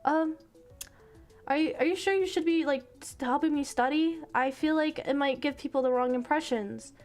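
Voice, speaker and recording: A woman voicing a shy, flustered high-school girl who hesitates and stammers. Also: moderate pace, darkish tone, faint music behind, natural voice.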